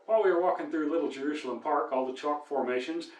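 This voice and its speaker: An older man with a Midwestern accent telling deadpan folksy jokes as a cowboy entertainer. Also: fairly high pitch, quick pace. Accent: American Midwest. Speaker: storyteller and cowboy singer. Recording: echoey room, mic at a distance.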